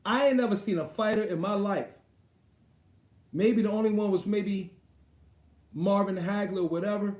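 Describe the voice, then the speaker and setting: A man hosting a live boxing stream, talking in a crude, excitable, rambling way full of slang. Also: high-pitched, roomy sound. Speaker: boxing show host. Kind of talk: casual live-stream chat.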